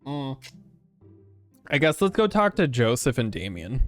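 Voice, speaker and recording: A man's voice: mid-range voice, sing-song, a little slow, soft background music. A man streaming a game, profane and rambling in casual commentary.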